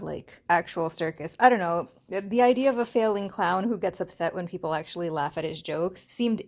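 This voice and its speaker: A book vlogger rambling casually to camera about books, self-deprecating and full of "like" fillers. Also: female voice, lowish voice, gravelly, a little mellow.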